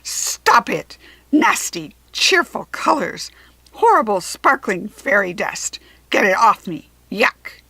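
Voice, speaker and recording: A woman voicing a spiteful male ice villain who sneers, cackles and shouts loudly. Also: lowish voice, a little slow, gravelly, few pauses, breathy edge, no echo, voice pushed down, full character voice. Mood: outraged.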